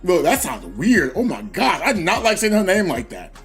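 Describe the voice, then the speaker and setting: A man's voice: high voice, sing-song, moderate pace, music in the background. Rambling man chatting on a gaming stream. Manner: rambling, acts out quoted voices. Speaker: gaming livestreamer. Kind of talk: casual livestream chat.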